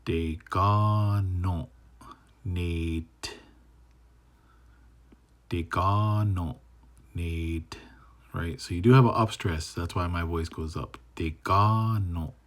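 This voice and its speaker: Male language tutor, very low voice, unhurried pace, casual and patient, repeats words syllable by syllable. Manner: slow, repeats words syllable by syllable, drops to a whisper on word endings. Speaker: language teacher. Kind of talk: casual spoken lesson.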